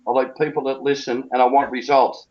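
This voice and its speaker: A middle-pitched man talks in a blunt, emphatic and colloquial way, a cricket coach giving an interview. The recording sounds a little dull. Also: level tone, a little fast, darkish tone.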